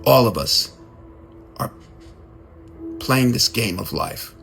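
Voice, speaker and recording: A man giving a casual, conversational sermon, animated and given to repeating his words. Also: mid-range voice, slow pace, creaky, faint music behind. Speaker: speaker.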